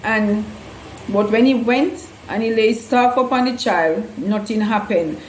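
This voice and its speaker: A woman's voice: medium pitch, a little slow. Earnest woman retelling Bible stories. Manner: earnest, loose non-standard grammar, acts out quotes. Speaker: host, Bible storyteller. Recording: echoey room with faint hum.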